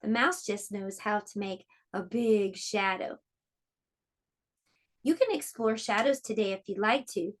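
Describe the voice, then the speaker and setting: A woman teaching an online preschool lesson, speaking slowly and encouragingly to small children. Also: medium pitch. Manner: slow, encouraging, clearly explaining to small children.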